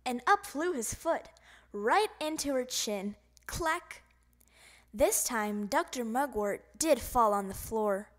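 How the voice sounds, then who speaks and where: A woman narrating a children's picture book in an expressive, sing-song way. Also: on the high side, slow pace. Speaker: storybook narrator. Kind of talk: children's audiobook reading.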